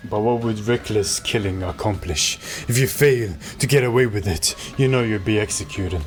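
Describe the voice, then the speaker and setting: Dude reading as a cool commanding young leader, low and slow, lecturing everybody. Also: male voice, faint music behind, lightly acted. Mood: stern. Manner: measured, lecturing. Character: calm, commanding young man, self-assured leader.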